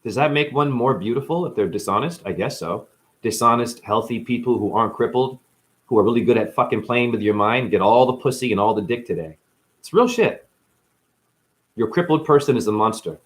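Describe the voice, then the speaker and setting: A man's voice: medium pitch, expressive, a little fast. Man vlogger, in chronic pain, raw profane monologue, blunt and rambling. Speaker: live-stream vlogger.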